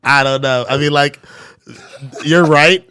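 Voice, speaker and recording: A man guesting on a casual podcast, joking in slang and sometimes stretching his words out slowly for laughs. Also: on the high side, fairly even intonation, bright, forceful tone, smooth.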